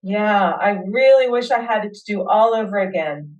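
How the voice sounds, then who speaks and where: A woman hosting a webinar, leading listeners through a guided tapping session with slow, soothing affirmations. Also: mid-range voice, expressive, distant mic, highs cut off.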